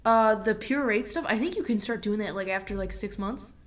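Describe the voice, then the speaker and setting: A young woman speaks in a mid-range voice. She is dry and matter-of-fact, correcting points plainly in a relaxed chat. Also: medium pitch, fairly quick. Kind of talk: casual chat.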